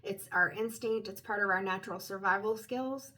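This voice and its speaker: A woman at home giving a private tarot reading, talking in a gentle, meandering, explanatory way. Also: medium pitch, normal speed, poor audio. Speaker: tarot reader.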